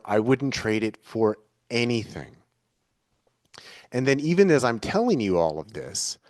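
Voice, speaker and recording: Recorded cleanly in a studio with no echo, a medium-pitched man reflects in conversation as an interview guest. He sounds earnest and searching, restating his points in several forms.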